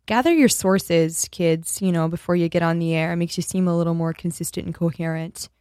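A woman's voice: fairly low pitch, steady tone, a little fast, mellow, clear, resonant tone, no room sound. A woman hosting a radio show alone in the studio, rambling and joking, often losing her thread. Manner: rambling, jokey, self-interrupting. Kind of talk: rambling solo radio talk.

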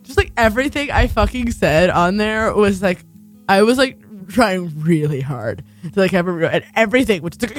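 A woman's voice: mid-range voice, normal speed, soft background music. A young woman hosting a community radio talk show, rambling and swearing as she tells stories. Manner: profane, rambling, animated. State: tired.

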